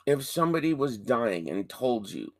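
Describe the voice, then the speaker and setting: A man co-hosts a casual podcast and retells a film with plenty of swearing. His pitch swings widely as he tells a story. The sound is close and dry, with no room echo. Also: moderate pace. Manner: profane, animated storyteller. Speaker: podcast co-host. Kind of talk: casual chat.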